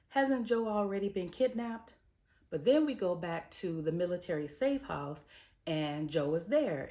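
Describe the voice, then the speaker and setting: A woman with a notably low, deep voice talks through a TV episode in a relaxed, chatty recap. She sprinkles in "um" and "you know" as she goes. She breaks things down like a screenwriter weighing each choice. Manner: analytical, weighing craft choices. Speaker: TV episode reviewer, screenwriter and producer. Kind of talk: casual spoken episode recap and commentary.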